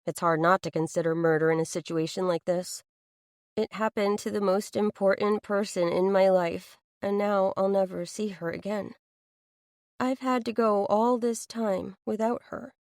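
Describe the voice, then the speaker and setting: A woman's voice: mid-range voice, steady tone, moderate pace, a little mellow, no echo, studio quality. A woman narrating a first-person audiobook thriller, reading an anxious inner monologue in an earnest way.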